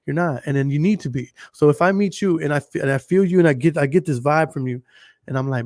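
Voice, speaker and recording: A man's voice: a little high, fast talker, a little mellow, dry recording, studio quality. A man with a Texas accent hosting a casual solo podcast, blunt and profane, talking straight to his listeners. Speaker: podcast host.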